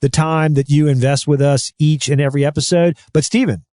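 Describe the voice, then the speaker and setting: A man's voice: on the high side, fairly even intonation, fairly quick, mellow, dry recording, studio quality. A man co-hosting a real estate podcast, talking at length in a rambling, friendly chat with many restarts. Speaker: podcast co-host. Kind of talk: casual chat.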